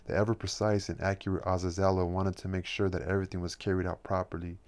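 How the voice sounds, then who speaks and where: A man reading a novel aloud as an audiobook narrator, at a measured, steady pace. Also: sits low. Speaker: audiobook reader.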